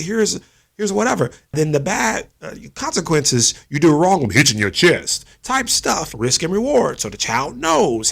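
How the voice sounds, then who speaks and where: A man in his forties rants as a fan after the game, speaking into a phone. His voice sits a little high and has a gravelly edge. His pitch leaps all over as he hammers his points. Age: 40s. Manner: animated and emphatic, with big swings of pitch. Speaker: sports podcast host. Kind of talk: fan postgame rant. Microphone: phone camera.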